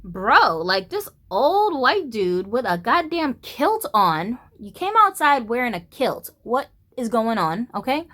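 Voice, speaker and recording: A woman in her thirties from the United States, ranting and telling a story to camera in a blunt, profane, animated way. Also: a little high, takes it slowly, hardly any pauses. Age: 30s. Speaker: vlogger. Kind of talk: casual storytelling rant.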